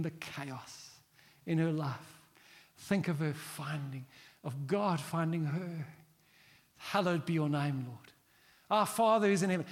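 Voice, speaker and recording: A middle-aged man preaching a sermon as pastor, animated and acting out quoted prayers. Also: a little high. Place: large church hall. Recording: long hall reverb.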